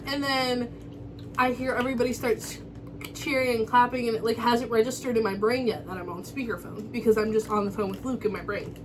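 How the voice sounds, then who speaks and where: A woman's voice: on the high side, brisk, background noise. Chatty young woman, upbeat. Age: young adult. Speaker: vlog co-host. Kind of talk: casual chat. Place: dorm room.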